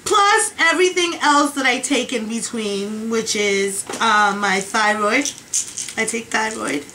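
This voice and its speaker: A woman's voice: a little high, measured pace, pushed and bright, a little hiss or hum, rough recording. A woman rambling in a casual video diary, chatty and exasperated as she vents. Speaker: vlogger.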